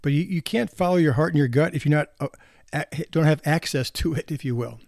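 Chuckling now and then, a sixty-something physician tells easygoing anecdotes about marriage and parenting, laughing and starting over at times. His fairly high voice is creaky, a little mellow, and slightly fast. It's clean studio audio without room sound.

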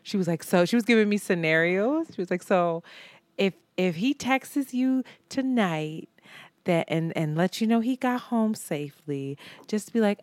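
A woman in her thirties co-hosting a casual podcast, telling animated stories, acting out friends' lines and laughing often. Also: lowish voice, moderate pace, no room sound. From Philadelphia. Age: 30s. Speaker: podcast co-host. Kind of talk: casual chat.

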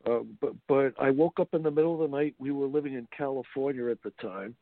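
A man being interviewed as an author, speaking haltingly with many restarts. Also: medium pitch, no echo. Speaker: author guest. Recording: tinny phone-like line, dry.

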